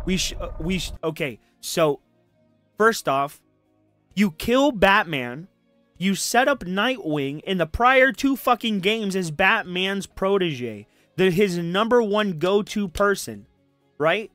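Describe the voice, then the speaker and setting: Profane, high-pitched ranting streamer. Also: male voice, lively intonation, slow pace, bright, forceful tone, no room sound, soft background music. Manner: profane, heated ranting, repeats himself. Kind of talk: casual live-stream chat and rant.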